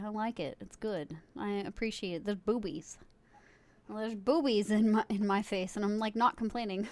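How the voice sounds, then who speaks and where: A woman's voice: fairly high pitch, dry recording. Giggly, chatty woman streamer. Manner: chatty and giggly, swears casually, talks to a friend in chat. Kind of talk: casual chat with a live stream audience.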